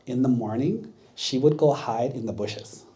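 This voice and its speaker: Mellow-voiced monk teaching kids. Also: male voice, medium pitch, measured pace. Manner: asks the audience questions, checks with 'right?'. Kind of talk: sermon for kids, storytelling. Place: temple.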